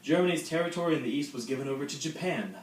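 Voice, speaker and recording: A man's voice: fairly high pitch, very fast. A teenage boy narrating a school history project with dry, joking asides. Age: late teens. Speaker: student presenter. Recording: roomy, distant mic, faint noise.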